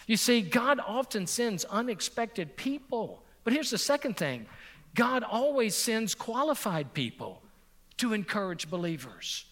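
Man, pastor, high voice, emphatic sermon, repeats lines for effect, long hall reverb. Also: sing-song, normal speed. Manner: emphatic, repeats phrases for effect, drops to a soft voice on key points. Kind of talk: sermon with personal storytelling.

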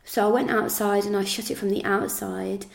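Her tone level and her voice creaky, an English woman of medium pitch recounts events in the first person at a moderate pace. As an interviewee, she reports what was said and fills her speech with frequent fillers.

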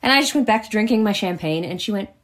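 American woman spinning a lively story, acts out everyone in it, mid pitch. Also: quick pace. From United States. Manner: lively, acts out quoted voices in her stories. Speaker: author and jewelry designer, podcast guest. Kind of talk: animated anecdotal storytelling.

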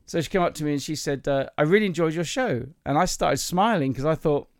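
A male comedian talks fast in a voice on the high side while hosting his podcast, spinning chatty, self-mocking anecdotes full of ums and restarts in a casual storytelling chat. The recording is dry and of studio quality.

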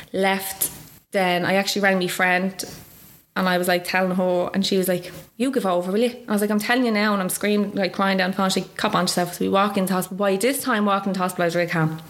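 A young woman with an Irish accent, telling her own story as an interview guest in a chatty way, full of "like" and acted-out quotes. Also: fairly low pitch. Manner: chatty, lots of "like", acts out quoted voices. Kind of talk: personal story told in conversation.

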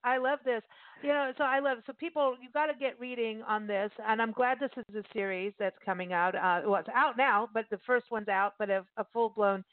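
A woman hosting a casual interview, lively and chatty. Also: fairly high pitch, fairly quick, no room sound. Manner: lively, chatty, laughs and puts on voices. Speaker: host. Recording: phone-like remote call audio.

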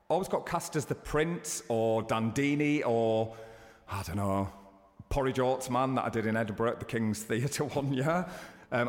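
A man in his thirties, a guest chatting in an interview, telling stories with sudden high excited bursts. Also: big-room sound. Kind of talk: casual interview chat.

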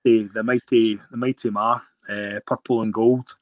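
A man's voice: lowish voice, little pitch movement, moderate pace, no echo. A Scottish man chatting casually as an interview guest, telling stories in a rambling way with many restarts. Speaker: guest rugby player.

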